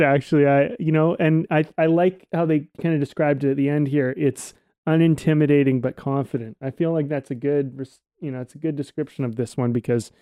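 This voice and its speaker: Laid-back swearing podcast guy, mellow voice. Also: on the high side, no echo, clean studio sound. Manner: relaxed, rambling, swears casually. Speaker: podcast co-host. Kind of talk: casual podcast chat.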